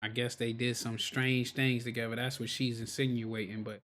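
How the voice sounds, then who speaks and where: A man's voice: medium pitch, level tone, normal speed, a bit bright. A man hosting a reaction video, giving blunt, profane, casual commentary.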